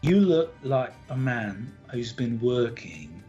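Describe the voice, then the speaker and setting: A man voicing Gardy, a soft-spoken, doting host who talks low and hushed, in a lo-fi recording with faint music. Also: big pitch swings, slow pace. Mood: crooning. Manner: low, hushed, crooning delivery.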